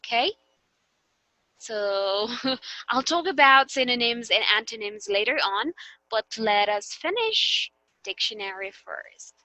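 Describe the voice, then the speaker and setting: A young woman leads a demo lesson, with a fairly high, bright voice. She talks slowly and patiently, often checking whether anyone has a question. The sound is dry and close. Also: very animated, dry recording, rough recording. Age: young adult. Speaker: teacher.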